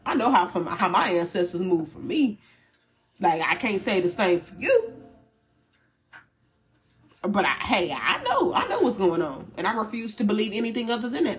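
A woman gives a general tarot reading in loose, chatty talk. She speaks candidly and animatedly, with slang and the occasional curse word. Her pitch sits in an ordinary middle range for a woman. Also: sing-song, normal speed. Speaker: tarot reader. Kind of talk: casual spiritual reading.

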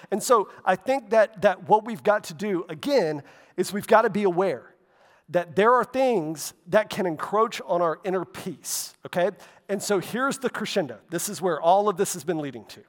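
A man's voice: high-pitched, expressive, moderate pace. A man preaching a sermon in a loose, conversational way, with frequent asides and "right?" and "okay?" tag questions. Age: adult, walked with faith over half his life. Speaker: pastor. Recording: long hall reverb.

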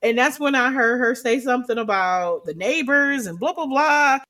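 A woman with a high, bright voice tells stories in a loose, chatty way. She laughs often as she talks. It is an easy co-host conversation. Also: lively intonation, moderate pace. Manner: laughs often while telling funny stories. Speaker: podcast co-host. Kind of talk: casual chat, storytelling.

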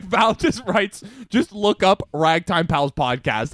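A young man from Canada tells stories on a casual podcast with a lively, bouncing delivery, his pitch leaping as he acts out quotes. His voice sits a bit high for a man. The sound is close and dry. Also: moderate pace, few pauses, dry recording. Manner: animated storytelling, acts out quotes, laughs often. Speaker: podcast co-host. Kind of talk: casual chat.

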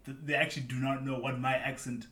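A man's voice: medium pitch, level tone, racing, sharp tone, reverberant. A man talking casually and animatedly in conversation.

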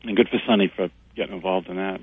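Husky man on a dull phone line. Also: low voice, steady tone, quick pace, no room sound. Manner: easygoing, rambling, many fillers. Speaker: regular birding expert. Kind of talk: casual phone-in chat.

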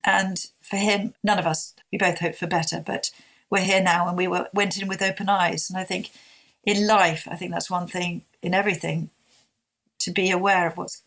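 A woman in her fifties, a guest speaking candidly and heartfelt in an interview, often halting and restarting. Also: fairly low pitch, flat delivery, fairly bright tone.

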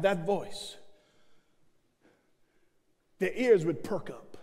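A middle-aged man from Brooklyn with a New York accent, preaching an impassioned sermon as an associate minister, shouting out to the congregation. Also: very high-pitched. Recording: reverberant church hall.

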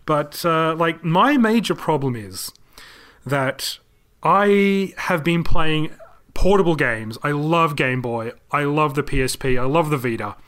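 A man in his thirties talks loosely and at length, poking fun at himself as he goes. His voice sits a little high for a man. It is relaxed podcast banter between co-hosts. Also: unhurried. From Australia. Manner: rambling, self-mocking, laughs easily. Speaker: podcast co-host. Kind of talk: casual chat.

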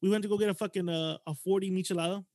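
A man's voice: high-pitched, fairly even intonation, very fast, a little mellow, no echo, studio quality. A man hosting a podcast, telling a story in a casual chat with lots of swearing and animation.

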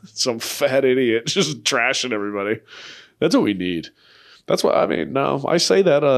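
A young man hosting a comedy podcast, rambling in crude, profane bursts and laughing often at his own jokes. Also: mid-range voice. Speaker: podcast host.

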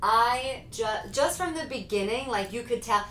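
A woman chatting casually about movies, animated and laughing often. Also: fairly high pitch, normal speed. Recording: echoey room with faint noise.

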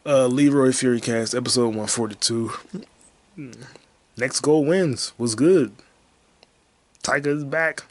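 A man's voice: mid-range voice, measured pace, long pauses, darkish tone, no echo. Crude, rambling podcast man. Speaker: podcast host. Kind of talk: solo comedy podcast rant.

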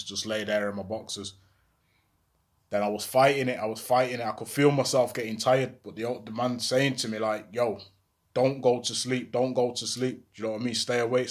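A young man tells his own story in a loose, slangy ramble, full of asides and quoted voices. His voice sits fairly low and has a husky grain. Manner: slangy, rambling, animated retelling. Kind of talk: casual storytelling.

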